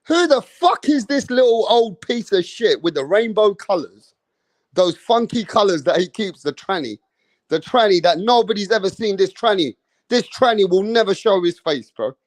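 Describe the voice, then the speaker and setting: Profane boastful YouTuber rant, high voice. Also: male voice, animated, normal speed, no room sound. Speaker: boxing YouTuber. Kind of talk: ranting commentary.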